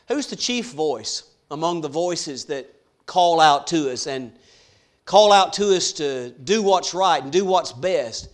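A man preaching a sermon, swinging from hushed to loud and slowing down on key words. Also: on the high side. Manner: dramatic swings from soft to loud, slows for emphasis.

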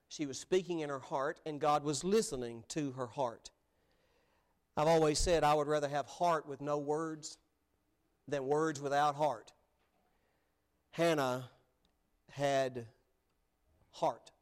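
High-voiced earnest male preacher. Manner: earnest preaching, rising to emphatic peaks. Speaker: pastor. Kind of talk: sermon.

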